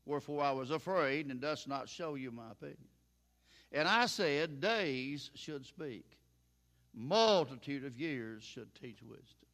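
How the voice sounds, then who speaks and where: A man's voice: on the high side, fairly bright tone. An older man preaching a sermon in a folksy, plain-spoken way, chuckling now and then.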